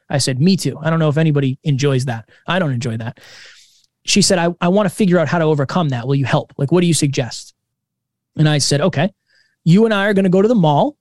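A man in his twenties, a podcast co-host, telling stories in a casual, energetic interview. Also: a little high, no echo, clean studio sound. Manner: energetic, animated storytelling.

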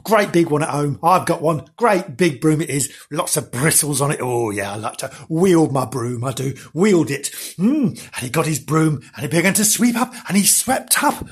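Rambling husky-voiced woman storyteller. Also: deep voice, lively intonation, normal speed, hardly any pauses. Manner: rambling, giggly asides. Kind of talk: mock children's story narration.

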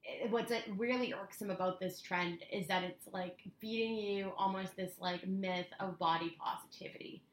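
A woman's voice: mid-range voice, steady tone, moderate pace, few pauses, echoey room, rough recording. A woman co-hosting a podcast, talking in an opinionated casual way with many "like"s. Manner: opinionated, lots of "like". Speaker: podcast co-host. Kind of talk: casual chat.

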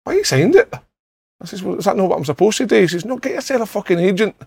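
A man's voice: high voice, expressive, very fast, creaky, darkish tone, breathy edge, no room sound. A middle-aged Scottish man telling sweary, laughing anecdotes in casual podcast chat, acting out other people's lines. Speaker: podcast panellist.

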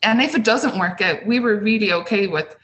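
A woman's voice: mid-range voice, a little fast, a little hiss or hum, poor audio. A woman, a guest on an interview podcast, talking casually and acting out the voices she quotes. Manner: animated storytelling, acts out quoted voices. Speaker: guest, small business owner.

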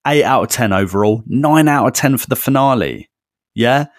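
A man's voice: mid-range voice, normal speed, no room sound, clean studio sound. A man co-hosting a casual podcast, reading out listener comments and chatting with his co-host. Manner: animated, reads out listener comments.

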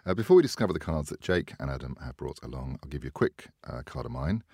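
Deep-voiced man, chatty host. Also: expressive, quick pace, breathy edge, no room sound, studio quality. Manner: chatty, laughs often, trails off quietly. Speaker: podcast host. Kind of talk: casual chat.

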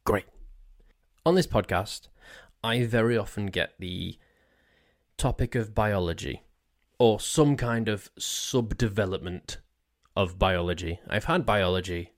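A man talks alone into a desk mic for his podcast, his voice sitting a touch low. He rambles along in a jokey, self-mocking way and keeps tripping over his own words. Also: unhurried. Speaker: podcast host. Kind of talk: casual solo podcast monologue. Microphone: desk mic on a stand.

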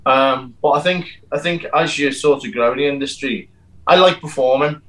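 Animated man telling stories. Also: medium pitch, normal speed, rough recording. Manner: animated storyteller, frequent restarts and stammers. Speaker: stunt performer and actor. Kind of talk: casual interview chat.

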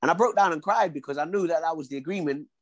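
A man's voice: on the high side, fast talker, no echo. A man, a former boxer telling his story in an interview, acting out dialogue and often saying "you know what I mean".

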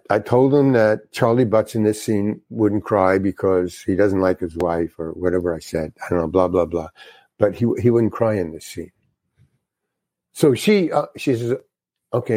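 An older man, a guest actor, telling an animated story and swearing freely as he acts out the other people in it. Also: fairly low pitch, normal speed, dry recording. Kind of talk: anecdotal storytelling.

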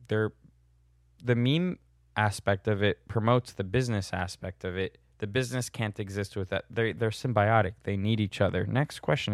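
A man's voice: on the low side, no echo, studio quality. A young man casually answering viewer questions in a blunt, sardonic way, chuckling at his own jokes. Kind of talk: casual Q&A monologue.

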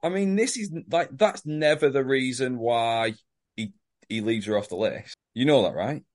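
A man's voice: mid-range voice, normal speed, a little mellow. A man co-hosting a podcast, teasing and correcting his co-host in sweary casual chat.

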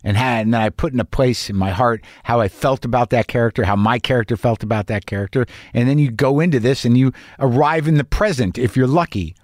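A middle-aged actor talking in a rambling, earnest way in a casual personal vlog, swearing now and then. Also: male voice, medium pitch, brisk, few pauses, dry recording, clean studio sound.

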